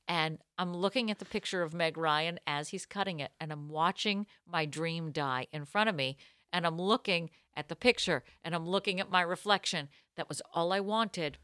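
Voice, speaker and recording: Bright, animated woman telling a story. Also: fairly low pitch, dry recording, studio quality. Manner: animated, self-mocking storyteller. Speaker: podcast co-host. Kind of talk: casual storytelling chat.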